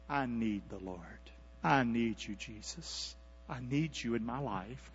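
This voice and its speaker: Male preacher, folksy, call-and-response, hushed asides into loud rising calls; dull lo-fi take with mains hum. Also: medium pitch, a little slow, husky. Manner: call-and-response, coaxing the congregation to repeat along. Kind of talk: sermon.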